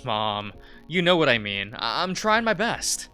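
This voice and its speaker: A man's voice: mid-range voice, very animated, measured pace, pushed and bright, clear, resonant tone, soft background music. A man voicing the nervous, stammering young man in his twenties who is the visual novel's main character. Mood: flustered. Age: 20s.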